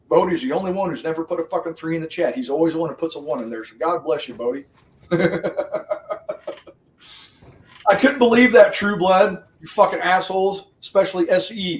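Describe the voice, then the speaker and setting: Profane, rambling man talking off-mic. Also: fairly high pitch. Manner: swears constantly, laughs often, rambling. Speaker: livestream host. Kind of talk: profane casual chat with viewers. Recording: roomy sound, distant from the mic.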